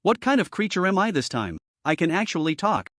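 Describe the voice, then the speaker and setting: A man's voice: high-pitched, wildly swooping pitch, fairly quick, a bit bright, no echo, clean studio sound, pitched above the performer's own voice, full character voice. A man voicing a reincarnated man now living as a little panda, speaking with eager wonder. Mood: curious.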